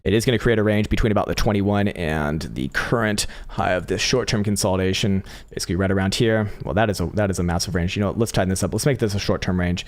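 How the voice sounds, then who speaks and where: Livestream host, young man, low voice, rapid-fire, blunt and profane chart talk. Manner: blunt and profane, with frequent laughs. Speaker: crypto trading livestream host. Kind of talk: casual live chart analysis.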